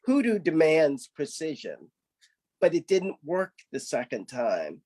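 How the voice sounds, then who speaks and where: A man reading his own story at a literary event, taking his time with each line. His narration is theatrical and animated, with a voice that rises and falls freely. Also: a little high, slow.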